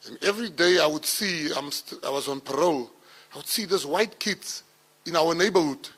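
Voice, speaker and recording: A middle-aged South African man giving a speech, telling personal stories and acting out the dialogue, rising loud at the punchlines. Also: fairly high pitch, normal speed. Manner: animated storyteller, acts out dialogue, gets loud at punchlines. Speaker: minister giving a keynote speech. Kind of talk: storytelling speech to an audience.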